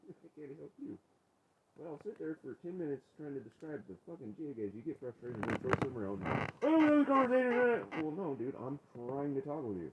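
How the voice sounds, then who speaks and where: A man arguing with his wife on a vlog, profane and confrontational, his voice rising toward yelling. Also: mid-range voice, expressive, fairly quick, a crowd in the background, low-quality recording. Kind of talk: heated domestic argument on a vlog.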